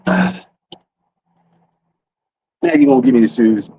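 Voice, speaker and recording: A man's voice: mid-range voice, fairly even intonation, slow pace, mellow, a little hiss or hum, rough recording. A man telling a rambling, profane story to his livestream audience in a casual way, full of restarts. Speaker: streamer.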